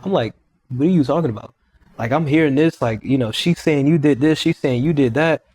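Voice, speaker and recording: On a podcast, a young guest narrates a personal story in a casual, animated fashion, regularly quoting others and repeating himself. His medium-pitched voice runs a little fast, and the recording is dry.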